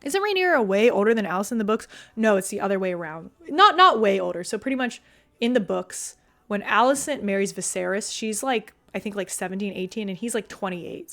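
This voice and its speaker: A woman's voice: medium pitch, expressive, brisk, fairly bright tone. Young female streamer, casual and talkative, filler-heavy, salty mouth, mid-range voice. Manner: chatty and loose, full of "like", swears freely. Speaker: streamer reading chat. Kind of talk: casual chat with viewers.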